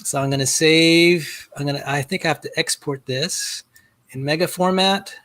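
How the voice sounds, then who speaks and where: Man, slightly high voice, rambling, self-deprecating, video call demo. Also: normal speed, a bit bright. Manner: rambling, self-deprecating, repeats words when starting. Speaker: guest. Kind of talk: casual screen-share demo chat.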